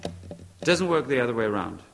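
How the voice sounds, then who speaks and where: A man's voice: mid-range voice, very animated, moderate pace, vocal fry, fairly bright tone, in a large hall. A man preaching a sermon, emphatic and repeating short phrases, now and then searching for the right English word.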